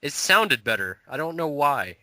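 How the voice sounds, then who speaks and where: A man's voice: a little high, sing-song, moderate pace, bright, forceful tone, dry recording, poor audio. A man co-hosting a casual podcast, joking and laughing often, with a mocking streak. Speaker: podcast co-host. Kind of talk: profane casual chat.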